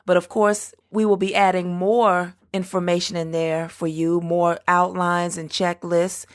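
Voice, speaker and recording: A woman hosting her own business podcast, explaining things step by step and spelling out web addresses slowly. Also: fairly low pitch, little pitch movement. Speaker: podcast host. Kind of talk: solo business podcast talk.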